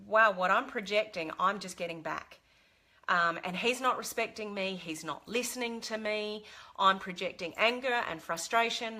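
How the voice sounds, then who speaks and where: A woman's voice: mid-range voice, bright, forceful tone. A middle-aged woman talking to camera, giving earnest life advice with fillers and restarts. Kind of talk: casual talk to camera.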